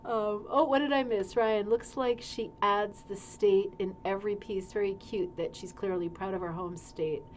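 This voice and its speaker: A middle-aged woman talks casually on a livestream at a medium pitch, reading passages from a magazine and breaking off with chatty asides. A faint hum of background noise sits under her voice. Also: steady tone, moderate pace, hardly any pauses. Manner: chatty, reads aloud with asides and laughs. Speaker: show host reading a magazine. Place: indoor room with a humming heater.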